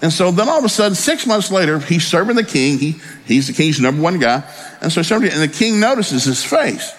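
A pastor preaching a sermon in a folksy, storytelling way with joking asides. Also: male voice, a little high, big pitch swings, fairly quick, a little hiss or hum.

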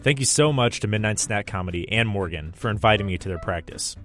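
A man's voice: fairly low pitch, expressive, quick pace, fairly bright tone, soft background music. A man hosting a radio segment, narrating in a scripted, wry, self-deprecating way.

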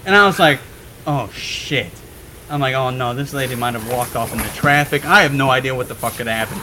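A young man on a podcast telling a story in a casual, animated way, swearing freely and laughing as he goes. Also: mid-range voice, a little fast, slight background noise, poor audio. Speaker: podcast guest.

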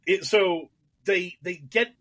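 A man's voice: high voice, takes it slowly, a bit bright, no room sound. A man hosting a casual political podcast over a call, rambling, self-deprecating and profane. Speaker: podcast host.

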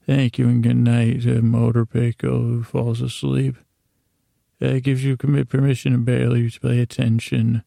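A man hosting a sleep podcast, drifting through a meandering, low-key bedtime monologue. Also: creaky, mellow, no room sound, studio quality.

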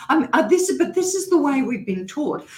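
A woman's voice: sits high, very animated, moderate pace, darkish tone. An Australian woman from Queensland, guest on a podcast, talking emphatically about communication and repeating points for force. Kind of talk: podcast interview. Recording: roomy echo.

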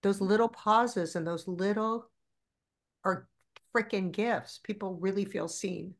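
A woman's voice: mid-range voice, takes it slowly. A woman in her forties, a podcast guest, telling stories candidly and animatedly with plenty of swearing. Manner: animated, profane storyteller.

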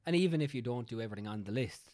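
Man, quick talker, dry close sound, joking podcast co-host. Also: medium pitch, animated, a little mellow, dry recording. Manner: joking, easygoing banter. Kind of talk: casual chat.

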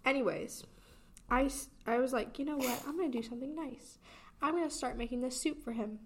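A woman's voice: high-pitched, brisk, gravelly, husky. Young woman telling a story, laughing. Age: young adult. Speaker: podcast co-host. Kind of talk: casual chat.

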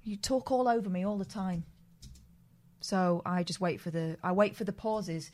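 A woman's voice: medium pitch, moderate pace, a little mellow. A woman co-hosting a podcast, reading out news stories and bickering dryly with her co-host. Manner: dry, sarcastic, bickering. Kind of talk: casual comedic chat.

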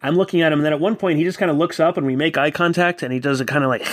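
A man in his thirties from New York telling a casual, animated personal story and acting out quoted voices. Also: fairly high pitch, racing, dry recording. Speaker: guest storyteller. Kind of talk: casual anecdote.

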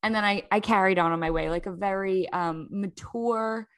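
A woman with a Philadelphia accent, co-hosting a casual podcast and telling an animated story full of "like"s. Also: mid-range voice, moderate pace. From South Jersey near Philadelphia. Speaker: podcast co-host. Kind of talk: casual chat.

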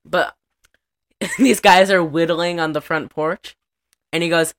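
A woman's voice: on the low side, fairly even intonation, slow. A young woman in casual podcast chat, recapping a movie in a rambling way with lots of "like" fillers and acted-out lines. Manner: rambling, many "like" fillers, acts out lines from the film. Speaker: podcast co-host.

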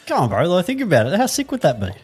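A man's voice: high voice, wildly swooping pitch, very fast, a little mellow, slightly rough. A young Australian man co-hosting a podcast, chatting casually with lots of swearing and laughter. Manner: laid-back, swears a lot, laughs often. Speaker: podcast co-host. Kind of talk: casual chat.

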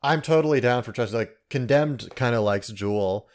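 A man's voice: mid-range voice, moderate pace, a little mellow. A man playing a tabletop game, speaking hesitantly with many fillers. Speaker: player.

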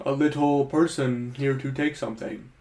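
A man playing a clumsy, friendly male giant in a comedy sketch, speaking in slow, goofy sing-song rhymes. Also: mid-range voice, steady tone, vocal fry, a little mellow, lightly acted.

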